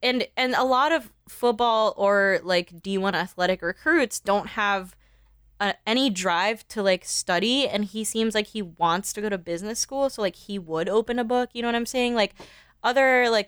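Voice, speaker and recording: A woman's voice: mid-range voice, a bit bright, clean tone, dry recording. Chatty young woman, dry mic. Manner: rambling, says "like" constantly, laughs often. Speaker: podcast co-host. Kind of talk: casual movie recap chat.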